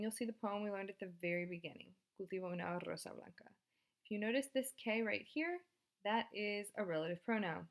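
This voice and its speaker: Woman teacher recording a lesson video, relaxed and chatty, encouraging tone. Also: mid-range voice. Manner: casual, chatty and encouraging, with fillers. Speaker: Spanish teacher.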